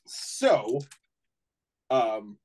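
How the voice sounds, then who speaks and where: A man's voice: medium pitch, big pitch swings, very slow, darkish tone, slightly rough, low-quality recording. Rambling middle-aged man telling stories. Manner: rambling storyteller with many restarts. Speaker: co-host. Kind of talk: casual chat.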